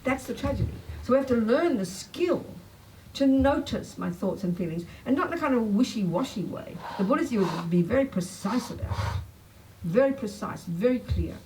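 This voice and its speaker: An older woman teaching a public Buddhist talk, blunt and emphatic, pitch swinging up when she makes a point. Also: darkish tone, distant mic, rough recording. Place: talk venue. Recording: faint noise, voice a bit off-mic.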